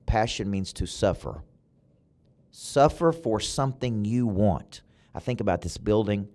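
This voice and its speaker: A middle-aged man with a Southern US accent giving a motivational podcast monologue, punchy and emphatic with a preacher-like cadence and sudden loud peaks. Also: on the low side. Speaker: motivational coach and podcast host. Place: his own podcast studio building.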